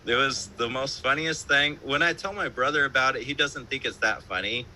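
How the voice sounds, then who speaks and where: A man's voice: medium pitch, moderate pace, bright, forceful tone, a little hiss or hum, low-quality recording. A man, a band musician, telling stories from his home during an interview. He rambles in a laid-back way, leaning on fillers, swearing and laughing. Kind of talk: casual interview storytelling.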